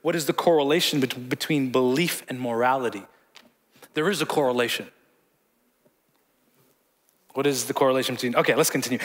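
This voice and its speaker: A man's voice: fairly high pitch, moderate pace, pauses often, a bit bright. A man preaching a sermon as pastor in a church hall, conversational, repeating words and joking with the congregation.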